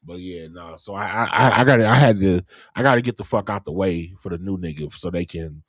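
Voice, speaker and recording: A man speaks in with a fairly low voice, restarting words as he tells frank stories. He jokes like the comedian he is. The recording is dry and close. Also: a little fast, no room sound. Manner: stammers and restarts, frank storytelling. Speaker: comedian co-host. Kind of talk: casual podcast banter.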